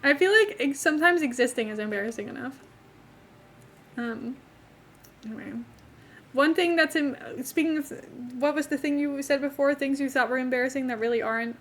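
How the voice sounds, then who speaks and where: A woman's voice: high voice, brisk, fairly bright tone. A young woman streamer chats casually with her viewers while playing a life-sim game. She rambles from topic to topic and talks to both her chat and the game's characters. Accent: not from England.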